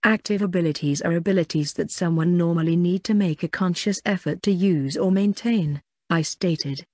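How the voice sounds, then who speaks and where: A woman's voice: fairly low pitch, moderate pace, darkish tone, no echo. Female audiobook narrator, first person, conversational and unpolished, dry booth sound. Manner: plain, conversational reading with small slips.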